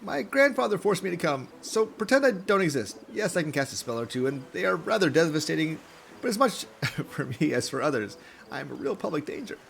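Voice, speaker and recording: A man's voice: fairly high pitch, big pitch swings, brisk, creaky, slight background noise, voice pushed up. A man voicing a timid young male mage who talks himself down. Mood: sheepish. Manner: sheepish, self-deprecating.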